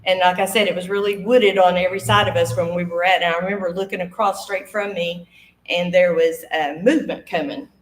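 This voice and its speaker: A woman's voice: lowish voice, a little fast. A woman, telling a ghost story live to an audience, acting out the voices and laughing often. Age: 50s. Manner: lively, acts out quoted voices, laughs often. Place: studio stage before an audience. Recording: echoey room.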